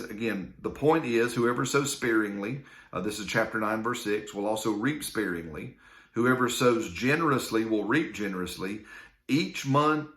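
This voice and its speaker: A man's voice: medium pitch, fairly bright tone, reverberant. A man teaching from the Bible, reading scripture aloud and checking in with "right?". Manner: conversational, reads scripture aloud, frequent "right?" asides. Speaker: minister. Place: indoor room filmed on a camera.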